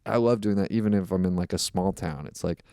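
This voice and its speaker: A man's voice: deep voice, fast talker, dark tone, smooth, no echo, clean studio sound. A man, a comedian guest on a podcast, telling stories in a rambling, reflective way with lots of fillers. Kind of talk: casual podcast chat.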